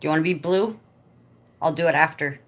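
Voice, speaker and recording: A woman hosting a casual livestream from home, chatting excitedly with viewers by name, talking into a phone propped up in front of her. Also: low-pitched, fairly quick. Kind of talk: casual live chat.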